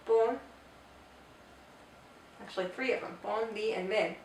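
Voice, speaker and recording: A woman teaching a grammar lesson, explaining step by step and repeating example phrases slowly. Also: medium pitch, slight background noise. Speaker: Spanish teacher. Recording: echoey room, voice from far off.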